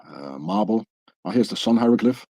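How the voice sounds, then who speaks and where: A man's voice: medium pitch, big pitch swings, moderate pace, creaky, warm tone, breathy edge, no echo. A man presenting a podcast talk, rambling through a conspiracy theory and tagging his points with a questioning "eh?". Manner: tags statements with questioning "eh?". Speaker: podcast presenter showing pages on screen.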